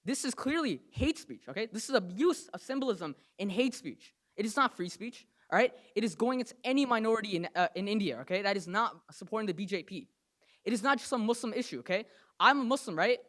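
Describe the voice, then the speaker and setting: At a council meeting's public comment, a young New Jersey man speaks quickly and forcefully, ending lines with "okay?" or "right?" His pitch is high, his delivery animated and a little bright.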